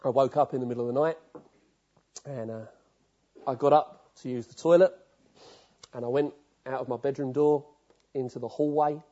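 A man's voice: medium pitch, fairly even intonation, normal speed, pauses often, warm tone, muffled recording. A man preaching a sermon, telling stories vividly and putting questions straight to his listeners.

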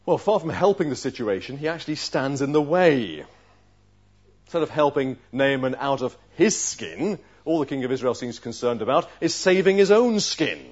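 A man preaches a sermon with a lot of expression. His pitch swings widely as he acts out the characters, and the recording sounds dull and lo-fi. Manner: expressive, acts out the voices of the story.

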